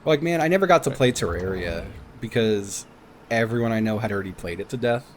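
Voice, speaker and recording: A man's voice: fairly low pitch, lively intonation, brisk, a little hiss or hum. A man streaming a game, chatting casually, laughing and swearing as he reminisces. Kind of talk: casual gaming chat.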